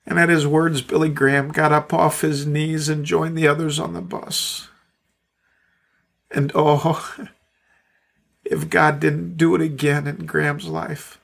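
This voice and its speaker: A man's voice: on the high side, level tone, moderate pace, creaky, fairly bright tone. A man pastor delivering a podcast sermon and prayer, with a fervent, repetitive prayerful cadence.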